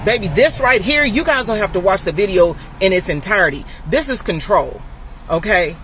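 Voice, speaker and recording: A woman's voice: mid-range voice, expressive, moderate pace, fairly bright tone, slight background noise. A woman giving casual reaction commentary. She sounds motherly and preachy and keeps calling her listeners baby.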